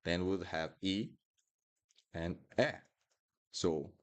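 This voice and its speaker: A man teaching a live online lesson, drilling sounds slowly and asking viewers questions. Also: deep voice. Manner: lively and encouraging, drills sounds slowly, asks the chat questions. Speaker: Portuguese teacher.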